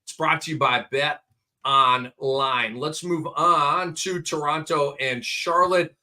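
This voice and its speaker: A man co-hosting a casual sports podcast, excitedly rattling off stat lines. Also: fairly high pitch, takes it slowly. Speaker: co-host. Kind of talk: casual fantasy basketball podcast chat.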